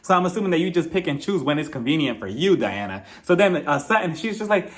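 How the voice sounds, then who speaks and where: Animated, high-voiced young man recapping. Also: a little fast, hardly any pauses. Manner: animated, gossipy, theatrical. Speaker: TV review vlogger. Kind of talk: casual reality-TV recap.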